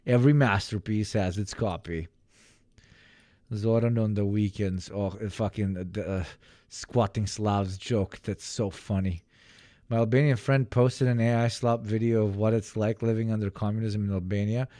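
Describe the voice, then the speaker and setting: A man riffs through a casual livestream reaction, sarcastic and quick to break into laughter. His voice sits at an ordinary middle pitch. The sound is dry and close, with no room around it. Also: warm tone, dry recording. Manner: joking, sarcastic, breaks into laughter, restarts sentences. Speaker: streamer reacting to online posts.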